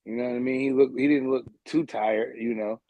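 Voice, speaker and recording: A man's voice: medium pitch, fairly quick, no echo. Easygoing man on dull lo-fi audio. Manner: relaxed, laughing, lots of "you know". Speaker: podcast host. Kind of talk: casual sports podcast talk.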